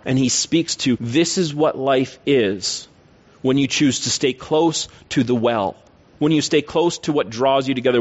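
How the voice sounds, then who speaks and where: A male preacher gives a sermon in an earnest, teacherly manner and keeps turning to rhetorical questions. His voice sits at a medium pitch. The recording sounds somewhat dull and lo-fi.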